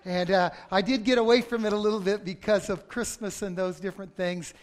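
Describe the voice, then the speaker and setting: High-voiced male pastor preaching. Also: steady tone, fairly quick. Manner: conversational, with sudden loud outbursts. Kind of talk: sermon.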